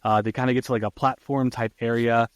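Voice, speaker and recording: A man's voice: medium pitch, flat delivery, fast, smooth, dry recording. A man hosting a podcast who casually recaps a movie plot, swearing freely and using lots of fillers. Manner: casual, profane, many fillers. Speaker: podcast host.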